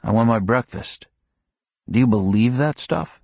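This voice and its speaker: A man narrating plays a wisecracking middle-aged husband who grumbles in mock gruffness. His voice is mid-pitched and a touch husky, recorded dry and close. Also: unhurried, a little mellow, dry recording. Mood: wry. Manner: sardonic, mock-gruff banter. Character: wry joking middle-aged shop clerk husband. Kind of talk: audiobook character reading.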